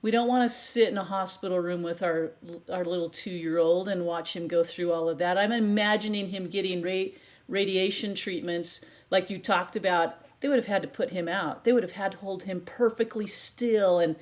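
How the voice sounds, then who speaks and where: A woman's voice: lowish voice, steady tone, normal speed. A woman hosting a podcast interview who speaks in an earnest, empathetic way. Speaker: podcast host. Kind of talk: interview conversation.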